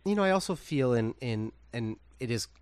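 A man, a fashion designer, telling lively stories in a casual interview and acting out other people's voices. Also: medium pitch, a little fast, clear, resonant tone, dry recording. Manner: animated, acts out quoted voices, laughs often.

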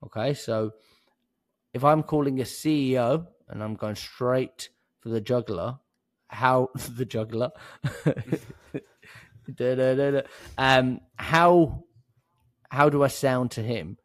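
A man's voice: medium pitch, slow, no echo. A man with a London accent co-hosting a podcast, chatty and joking, often restarting his sentences. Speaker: podcast co-host. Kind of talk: casual chat.

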